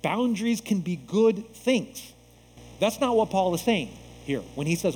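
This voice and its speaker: A man from the United States preaching a sermon as a pastor, acting out quoted voices in an animated way. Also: sits high, a little slow, long reverb tail, a little hiss or hum, poor audio.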